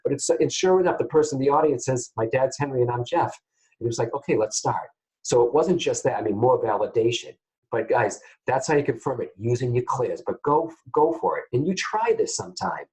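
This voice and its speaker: A man teaching psychic mediumship to camera in a casual, animated way, often checking in with his viewers. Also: mid-range voice, fairly quick, low-quality recording. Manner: animated, keeps checking in with "guys, okay?".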